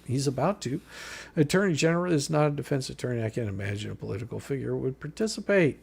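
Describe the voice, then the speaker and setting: Gravelly man mocking on a livestream. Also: medium pitch, animated, quick pace, darkish tone. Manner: mocking, profane, sarcastic rebuttals. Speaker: live streamer host. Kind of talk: live stream commentary reading a legal filing aloud.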